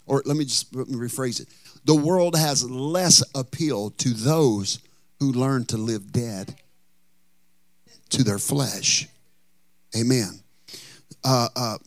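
A middle-aged man preaching a sermon as pastor, animated and folksy, with humorous asides. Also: medium pitch, no room sound.

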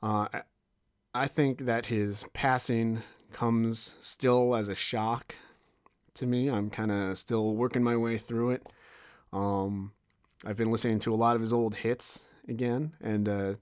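A man's voice: fairly low pitch, a little mellow, dry recording, studio quality. A young man hosting a podcast, talking casually in a rambling way with lots of fillers and restarts. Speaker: podcast host. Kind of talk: casual solo podcast intro.

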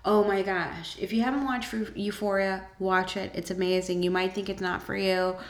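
A woman's voice: medium pitch, flat delivery, moderate pace, reverberant. A woman vlogger chatting casually about shows and books she enjoys, with many ums and eager asides.

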